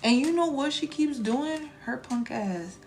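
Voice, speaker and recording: A woman in her thirties chatting casually on a live stream as a spiritual reader, animated and profane, with laughing asides. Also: sits high, measured pace.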